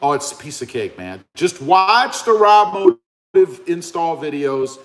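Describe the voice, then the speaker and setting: A man's voice: a little high, very animated, a little slow. A man hosting a casual live stream, chatting and reading viewer comments aloud.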